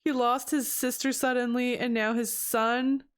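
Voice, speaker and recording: A woman's voice: on the high side, level tone, measured pace, clear, resonant tone. A woman giving casual, chatty commentary over her own gameplay, reacting aloud as she goes.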